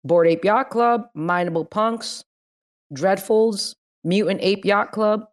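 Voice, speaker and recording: A woman's voice: medium pitch, slow. Teasing, laughing woman. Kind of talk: casual chat in an online audio room.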